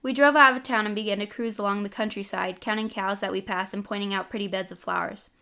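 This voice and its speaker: A woman reading a story aloud in steady first-person narration. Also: medium pitch, fast, creaky. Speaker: storybook reader.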